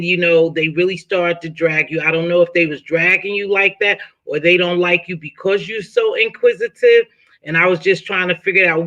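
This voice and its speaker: A woman's voice: fairly low pitch, sharp tone, highs cut off. A woman hosting a casual live-stream chat, asking a guest probing questions in a friendly way. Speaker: host interviewing a chat guest.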